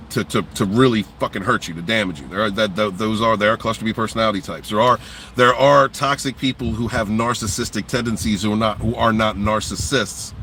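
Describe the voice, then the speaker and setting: Blunt, profane man with a bright voice. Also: on the low side, a little hiss or hum. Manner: blunt and profane, with frequent restarts; earnest, repeats phrases for emphasis. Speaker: channel host. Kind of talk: casual motivational monologue.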